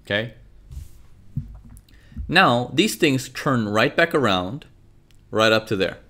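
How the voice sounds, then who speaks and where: A man's voice: medium pitch, slow. A man teaching trading over charts, talking animatedly, checking in often with "okay" and "right". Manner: animated, frequent "okay" and "right", acts out traders' thoughts. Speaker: trading instructor. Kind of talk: live chart lesson.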